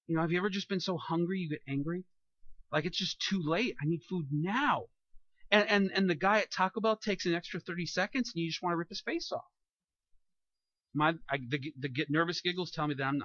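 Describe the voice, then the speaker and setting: A man preaching a sermon in a church, animated and jokey, acting out little asides. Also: sits high, no room sound, lo-fi sound. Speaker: pastor.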